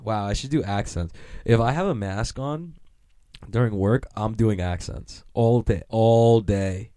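Young male comic, casual rambling stand-up, deep dry voice, cursing freely. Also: unhurried, mellow, no echo. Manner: rambling, profane, self-mocking, laughs often. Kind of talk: casual comedic monologue.

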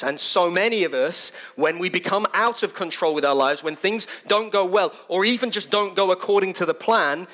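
Man preaching, animated, conversational, slightly high voice, emphatic repeats. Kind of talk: sermon.

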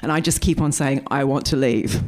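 A woman performing a storytelling stand-up set before a live audience, chatty and animated, quoting people in quick asides. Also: a bass voice. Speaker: stand-up comedian.

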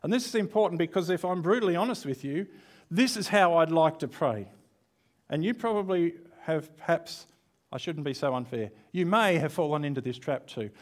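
A man's voice: a little high, animated, moderate pace. A man preaching an online church sermon in a conversational, candid way, with self-deprecating asides.

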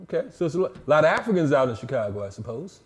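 A man co-hosting a casual talk show with a voice set a little high. He teases his partner and keeps the talk moving with short interjections. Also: sing-song, over a noisy crowd. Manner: teasing, quick backchannel interjections. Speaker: co-host. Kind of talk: casual podcast chat.

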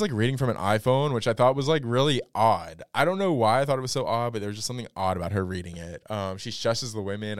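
A man's voice: lowish voice, smooth, no echo, studio quality. A man hosting a podcast, giving a casual, chatty recap of a reality show episode with sarcastic asides and lots of fillers. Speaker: podcast host.

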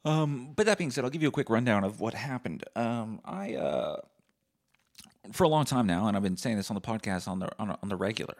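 A man in his thirties hosting a casual solo podcast, sardonic and profane, swinging into loud mock-angry rants. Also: fairly low pitch, lively intonation, fairly quick. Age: 30s. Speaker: podcast host.

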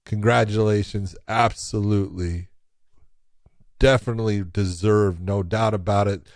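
A man's voice: fairly low pitch, fairly even intonation, a little slow, no echo, studio quality. A man co-hosting a podcast in casual chat, praising with emphatic enthusiasm. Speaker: podcast co-host.

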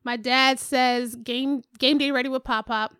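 High bright-voiced woman in her thirties. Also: measured pace, clear, resonant tone, no room sound, studio quality. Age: 30s. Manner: animated, acts out others' lines, swears freely. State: pregnant. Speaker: podcast co-host. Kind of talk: casual storytelling chat.

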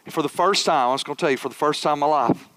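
A man preaching a sermon as a pastor, telling a personal story with animated, acted-out dialogue. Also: on the high side, racing.

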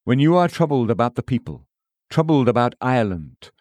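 A man reading aloud an old-fashioned sermon in a measured, emphatic preaching manner. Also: mid-range voice, big pitch swings, darkish tone, dry recording. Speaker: sermon reader. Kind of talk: read-aloud Victorian sermon.

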